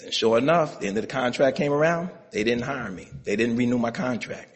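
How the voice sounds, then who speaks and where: A middle-aged male pastor preaching a sermon, building to shouted, rhythmic call-and-response passages. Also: mid-range voice, lively intonation, moderate pace. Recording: long hall reverb.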